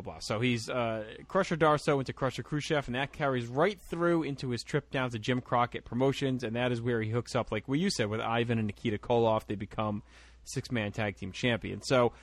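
A man's voice: mid-range voice, no room sound. A man hosting a casual podcast, running the segment and teasing his co-host. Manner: lively, teasing, runs the segment.

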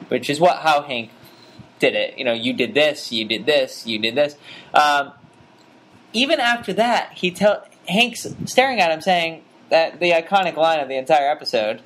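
A man chatting casually about a TV episode, rambling and animated with many restarts. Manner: rambling, animated, frequent restarts and pitch jumps.

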